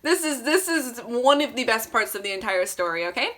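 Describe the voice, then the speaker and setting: Bright, sarcastic woman vlogger. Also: a little high, animated, brisk, slight background noise. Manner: sarcastic, self-mocking, laughing at herself. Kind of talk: reading old fan fiction aloud with commentary.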